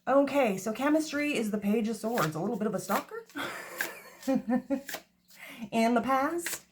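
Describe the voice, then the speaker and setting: A woman gives a casual tarot reading, chatty and self-mocking, swearing freely. Her voice is on the high side with lively intonation and a moderate pace, recorded on a phone camera against a noisy background.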